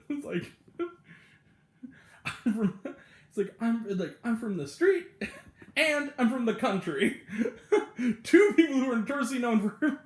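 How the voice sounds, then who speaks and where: A man giving a casual, rambling spoken review of a comedy show, full of fillers and laughter, acting out quoted lines in other voices. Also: sits high. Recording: echoey room.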